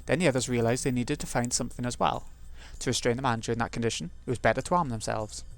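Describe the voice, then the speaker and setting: A man with a voice of middling pitch reads a visual novel aloud at an even pace, now and then dropping into quiet asides to himself. Faint game music plays in the background. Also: quick pace. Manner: reads narration steadily, muttering asides to himself between passages. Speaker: let's play host.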